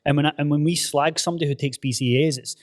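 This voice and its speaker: A man's voice: a little high, fairly even intonation, fast. A Scottish man hosting a casual podcast chat, blunt and sweary, who says "mate" and "aye" a lot. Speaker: podcast host and personal trainer. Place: gym.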